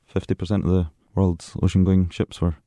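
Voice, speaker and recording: A Glaswegian man who explains his city with eager local pride. His voice is very deep and dark, and he talks quickly. The recording is close and dry. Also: monotone, no room sound. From Glasgow, Scotland. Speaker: guest. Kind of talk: casual chat.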